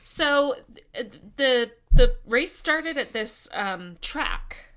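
A woman's voice: high-pitched, expressive, extremely slow, bright, forceful tone. A woman co-hosting a podcast, telling a history story in a casual, chatty way with frequent laughs and fillers. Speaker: podcast co-host.

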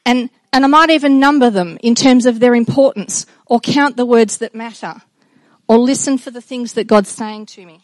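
A middle-aged woman giving a personal devotional talk to children and a congregation, earnest and reflective, with halting restarts. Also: a little high, dry recording. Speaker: speaker addressing children and congregation.

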